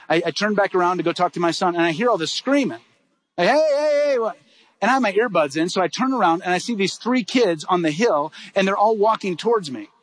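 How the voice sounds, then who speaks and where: A middle-aged man preaching a sermon, telling a story with lively acted-out dialogue. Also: sits high. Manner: animated, acts out dialogue in quick bursts. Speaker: pastor.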